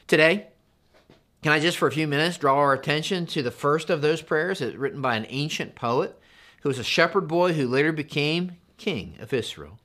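A middle-aged man, a pastor, preaching a conversational, animated sermon. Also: a little high, moderate pace.

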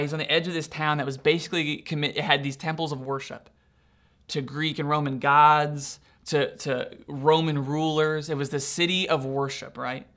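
A man's voice: on the high side, bright, forceful tone. Conversational male pastor preaching. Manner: conversational, informal teaching. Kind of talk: sermon.

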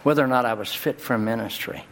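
A male pastor delivering a sermon in a church, his voice jumping high and loud on key words. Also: fast, slight background noise. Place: church sanctuary. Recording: long hall reverb, faint ambience.

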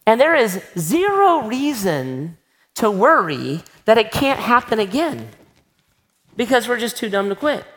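A man's voice: high-pitched, big pitch swings, measured pace, a bit bright. A man preaching a sermon as a pastor, conversational and emphatic, often tossing rhetorical questions to the congregation.

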